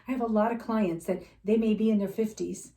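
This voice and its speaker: A woman's voice: mid-range voice, fairly even intonation, brisk, dark tone, recorded from a distance. A woman life coach sharing personal faith stories in an earnest, heartfelt storytelling manner, sometimes holding back tears. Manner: earnest storytelling, emotional at times. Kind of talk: faith-based personal talk. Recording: roomy sound, a bit off-mic.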